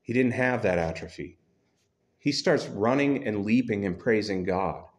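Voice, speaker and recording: Low-voiced man preaching a casual sermon. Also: a little slow. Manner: self-deprecating, conversational, humorous. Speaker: pastor. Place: church.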